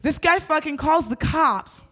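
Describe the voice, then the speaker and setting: A woman co-hosting a live comedy show, telling an animated story and acting out the quotes. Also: high voice, a little slow. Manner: animated, acts out quotes, laughs often. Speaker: comedy podcast co-host. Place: live stage before an audience.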